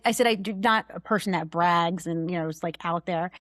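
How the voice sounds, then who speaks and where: Candid woman guest, young adult, lower register, close dry studio mic. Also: brisk, no room sound. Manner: candid, animated storyteller. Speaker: guest, chief financial officer. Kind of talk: casual interview chat.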